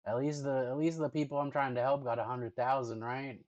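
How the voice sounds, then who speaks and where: Man streaming, casual slangy talk, mid pitch, dry close sound. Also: level tone, a little fast, darkish tone, no echo, muffled recording. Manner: loose slangy talk with constant 'like' and 'dude'; chatty, talks playfully to his dog. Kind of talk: casual reaction stream chat.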